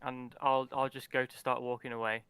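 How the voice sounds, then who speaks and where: A man's voice: medium pitch, little pitch movement, brisk, fairly bright tone, smooth, dry recording. A man playing his character at a tabletop game, bluffing and chatty. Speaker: player.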